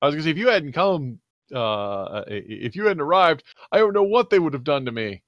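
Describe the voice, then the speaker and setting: Male player voicing a plaintive insectoid alien worker, meek and hesitant, swooping pitch. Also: big pitch swings, a little fast, no echo, dull audio. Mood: nervous. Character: timid insectoid alien male box-mover.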